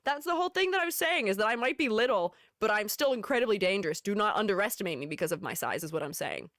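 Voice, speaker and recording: A woman's voice: medium pitch, animated, fast, hardly any pauses, a bit bright, no echo, studio quality. A woman streamer chatting playfully, laughing often between her comments. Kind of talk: casual live-stream chat.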